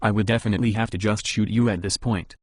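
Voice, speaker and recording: A man's voice: lowish voice, steady tone, fast talker, dry recording, clean studio sound, lightly acted. A man voicing a sardonic armored male marshal in an audiobook, speaking in a wry, understated way. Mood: dry.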